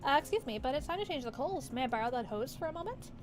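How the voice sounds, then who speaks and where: A woman voicing a calm, polite young woman who runs a hookah lounge and speaks softly and courteously. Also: high-pitched, quick pace, music in the background. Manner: soft, courteous, attentive.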